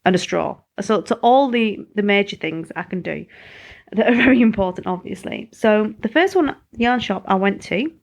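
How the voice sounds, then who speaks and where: A woman's voice: medium pitch, animated, moderate pace, creaky. A woman host, chatting in a rambling, self-deprecating way on her podcast. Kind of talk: casual podcast monologue.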